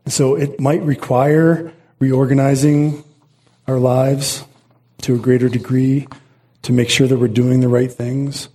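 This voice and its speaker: A middle-aged man preaches with a mellow, dark tone and a slightly husky edge. He speaks earnestly and repeats his phrases for weight, often restarting mid-thought as he drives his points home. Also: medium pitch, little pitch movement, unhurried. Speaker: pastor. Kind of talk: sermon.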